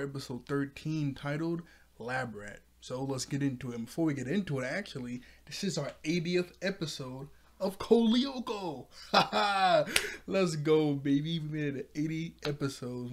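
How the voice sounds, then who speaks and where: A man hosting a casual episode recap, excitable and quick to laugh as he retells scenes. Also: medium pitch. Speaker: show reviewer.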